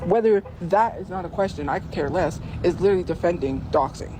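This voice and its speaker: A woman's voice: fairly low pitch, a little fast, noisy background. A woman arguing insistently on a livestream, repeating her point again and again. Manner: insistent, repetitive, confrontational. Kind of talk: heated livestream argument.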